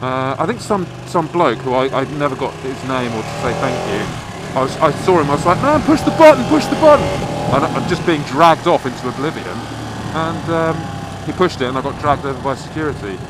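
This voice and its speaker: A man's voice: medium pitch, fairly quick, noisy background. A man vlogging from inside a car, casually telling a long story and swearing freely. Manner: swears freely, rambling anecdote.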